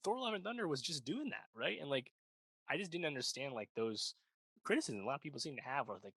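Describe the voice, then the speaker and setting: A man's voice: mid-range voice, expressive, fast, fairly bright tone, husky, no echo. A man co-hosting a pop culture podcast, chatting casually and rambling, full of "like" and "you know, right?". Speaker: podcast co-host. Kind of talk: casual chat.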